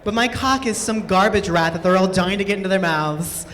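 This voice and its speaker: Brisk and fairly bright in tone, a woman with a mid-range voice works through a stand-up set on a large hall's event stage, playful and chatty and laughing through lines. Long hall reverb trails her delivery.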